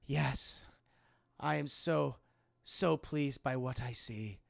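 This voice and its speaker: A man voicing a gushing, overjoyed pious mother in a shrill, mocking falsetto. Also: slow, creaky, a bit bright, no echo, studio quality, full character voice.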